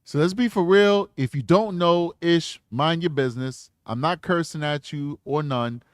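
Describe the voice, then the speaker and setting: A man's voice: on the high side, moderate pace, dry recording, studio quality. A man hosting a true crime channel, commenting bluntly in slangy casual talk while reading posts aloud.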